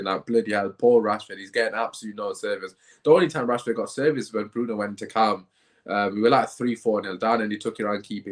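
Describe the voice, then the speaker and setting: A man hosting a live football reaction stream, talking in a dejected, rambling way with sighs. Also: on the low side. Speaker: football channel host.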